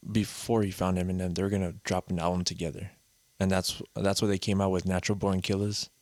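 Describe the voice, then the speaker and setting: A man who is a music producer and rapper, chatting casually as a podcast guest in a relaxed way. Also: low voice, fast, dry recording. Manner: relaxed, short backchannels, laughs along. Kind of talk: casual chat.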